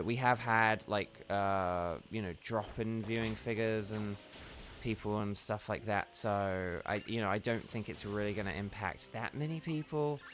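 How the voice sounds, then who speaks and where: A tired man rambling chattily to his viewers as he livestreams a game, talking straight to them. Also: on the low side. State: tired, yawning. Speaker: gaming livestreamer. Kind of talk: casual livestream commentary while playing.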